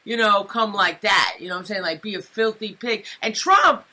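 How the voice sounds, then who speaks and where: Bright-voiced streetwise woman co-host. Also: medium pitch, moderate pace. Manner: streetwise, chatty, keeps asking "you know what I'm saying". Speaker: radio co-host. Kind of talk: casual crude banter.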